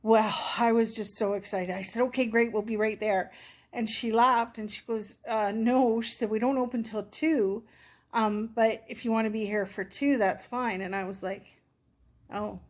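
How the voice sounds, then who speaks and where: A woman's voice: fairly high pitch, fairly even intonation, normal speed. Chatty middle-aged woman telling a story. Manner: chatty, rambling, emotional, acts out quoted dialogue. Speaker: vlogger telling a personal story. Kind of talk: casual storytelling to camera.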